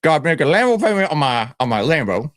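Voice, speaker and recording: A man's voice: a little high, big pitch swings, quick pace, dry recording, studio quality. A man playing a brash, boastful stock-hype guru who talks in swaggering slang and rambles. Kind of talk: comedic character skit.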